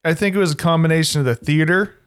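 A man's voice: fairly high pitch, quick pace, smooth. A man in casual podcast chat, laid-back, adding short remarks to a friend's story.

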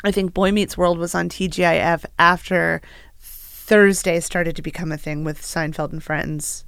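A woman's voice: lowish voice, steady tone, creaky, fairly bright tone, clear, resonant tone, no echo, studio quality. A woman co-hosting a podcast, joking and chiming in during casual chat. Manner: quick, joking, chimes in. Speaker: podcast co-host.

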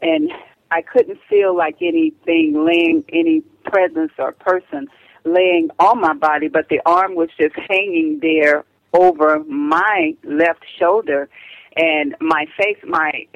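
An older woman calling in as a radio interview guest, speaking earnestly and haltingly with frequent restarts. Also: sits low, lively intonation, vocal fry, dry recording. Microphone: telephone. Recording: dull, dry phone line.

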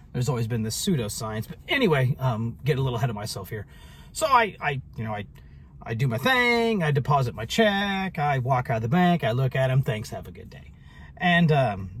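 A man's voice: medium pitch, husky. A man telling a story in a casual vlog monologue, rambling and sarcastic, with many restarts. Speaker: vlogger.

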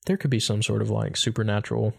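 A man's voice: on the low side, level tone, fast, vocal fry, slightly rough. Giggly young man chatting on a podcast. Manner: giggly, puts on silly accents and rambles. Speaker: podcast co-host. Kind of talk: casual chat.

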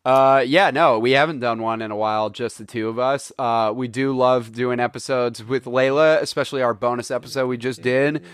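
A man's voice: medium pitch, normal speed, few pauses, clean tone, dry recording. Young guy, podcast co-host, loose rambling chat, close dry mic. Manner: relaxed, rambling with many fillers. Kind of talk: casual chat.

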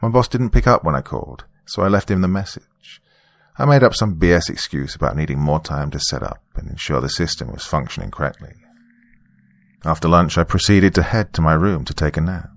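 Deep gravelly male storyteller. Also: animated, a little fast. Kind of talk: first-person story narration.

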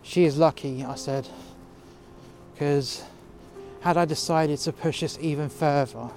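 Outdoors in freezing cold, a man tells a heated, profane story about a workplace dispute in casual spoken style. His voice is on the high side, a little mellow and unhurried, with fairly even intonation, and music plays beneath it.

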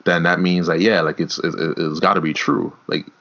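A man with a very deep voice talks through a casual wrestling podcast. He rambles, restarts his sentences and swears freely. The recording sounds dull and lo-fi. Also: level tone, fairly quick, a bit bright. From New York. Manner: rambling, repeats words, swears. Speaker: podcast co-host. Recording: dull lo-fi audio.

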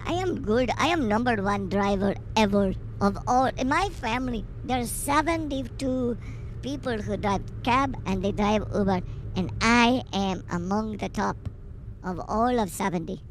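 A man's voice: sits high, normal speed, slight background noise. A man voicing a boastful, short-tempered male rideshare driver who brags in broken English in an improvised comedy sketch.

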